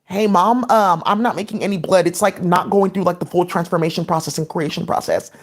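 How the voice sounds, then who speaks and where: A woman's voice: lowish voice, quick pace. A woman talking in a rambling, scattered monologue as a vlogger, with many "like" fillers.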